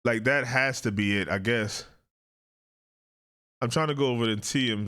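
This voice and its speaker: A man hosting casual commentary on a court video, animated and drawling, often jumping into high mocking impressions. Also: normal speed, clean tone. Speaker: host.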